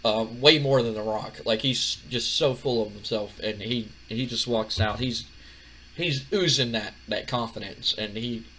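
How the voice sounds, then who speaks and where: Bright-voiced chatty male game narrator. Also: mid-range voice, measured pace, slight background noise, rough recording. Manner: chatty, rambling, many fillers. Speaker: gaming channel host. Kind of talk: casual game playthrough narration.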